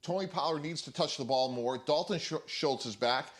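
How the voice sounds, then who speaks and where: A man's voice: a little high, moderate pace. Confident male football analyst. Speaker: sports analyst. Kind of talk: television sports panel talk.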